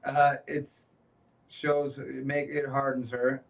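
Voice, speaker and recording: A man chatting casually as a co-host, wandering through his points with restarts and frequent swearing. His voice sits in a middling pitch and sounds a little distant from the microphone. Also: level tone, slow pace, creaky. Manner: rambling, profane, loose. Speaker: podcast co-host. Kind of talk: casual chat.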